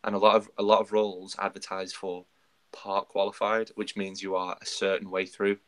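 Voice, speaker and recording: A man's voice: low voice, level tone, moderate pace, a bit bright. A man co-hosting a podcast, telling a story in casual chat and acting out the quoted dialogue. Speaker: podcast co-host.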